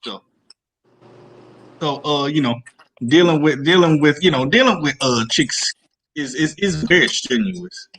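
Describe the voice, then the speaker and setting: A man co-hosting a casual online group chat, talking in a halting way, repeating words as he searches for them. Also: a little high, a bit bright, poor audio.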